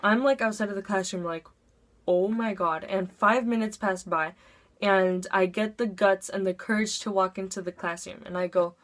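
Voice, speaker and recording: A woman's voice: mid-range voice, steady tone, normal speed. Chatty teen girl telling a story. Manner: chatty, heavy use of "like". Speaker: vlogger. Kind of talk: casual storytime.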